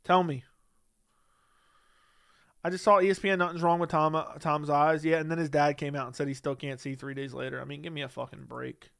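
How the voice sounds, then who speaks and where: Guy doing a livestream, reading chat and arguing back, kinda high voice, clean and dry sound. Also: fairly even intonation, brisk, long pauses, a bit bright, clear, resonant tone, no room sound. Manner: blunt, dismissive, argues back at chat.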